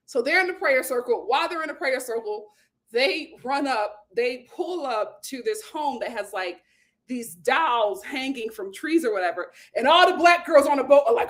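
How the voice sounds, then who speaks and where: High-voiced woman recapping reality TV. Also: moderate pace. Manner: animated storyteller, acts out quotes, laughs often. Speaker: host. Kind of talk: casual reality TV recap chat.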